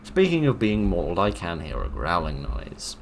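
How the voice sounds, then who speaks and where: A man's voice: low-pitched, wildly swooping pitch, normal speed, vocal fry, slight background noise. A man giving dry, sarcastic let's play commentary while he plays a horror game. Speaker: gaming video narrator.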